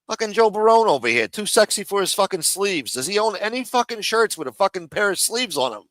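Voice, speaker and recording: A man's voice: sits high, sing-song, fairly quick, few pauses, fairly bright tone, no echo, low-quality recording. A man hosting a live stream, ranting and mocking in casual, profanity-heavy talk. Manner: profane, mocking, rambling rant.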